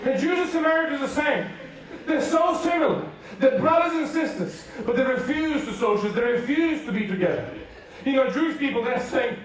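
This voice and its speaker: A man's voice: very high-pitched, lively intonation, a little hiss or hum. A man from Serbia with a Serbian accent, preaching a playful, joking sermon to a youth rally. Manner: playful storytelling with jokes and quick asides. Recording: very echoey hall, mic far off.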